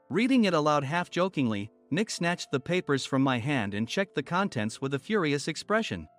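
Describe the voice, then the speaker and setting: A man narrating a first-person workplace story in an even storytelling manner. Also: fairly high pitch, normal speed, hardly any pauses. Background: faint music.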